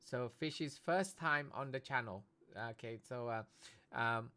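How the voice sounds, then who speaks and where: A man's voice: mid-range voice, measured pace, bright, forceful tone. A man from Britain hosting a casual live stream, chatty and tagging "okay?" onto nearly every phrase. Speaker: livestream host and esports commentator.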